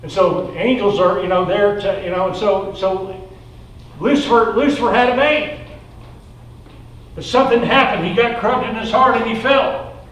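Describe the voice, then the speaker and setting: This pastor's voice sits high and a bit bright, moving at a moderate pace. He preaches casually and conversationally, with plenty of fillers, reading scripture aloud between his own comments. The sound is roomy and echoing, captured from a distant mic with faint noise.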